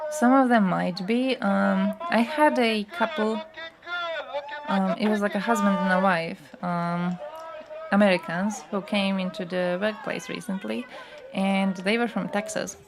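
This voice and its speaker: A woman's voice: medium pitch, fairly even intonation, a little slow, gravelly, background noise. A young woman chatting casually on a livestream, ranting bluntly and swearing often.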